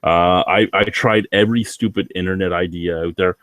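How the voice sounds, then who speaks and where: Man, casual vlog rant, profane and rambling, lowish voice, dry sound. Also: steady tone, normal speed, fairly bright tone, dry recording. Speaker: vlogger.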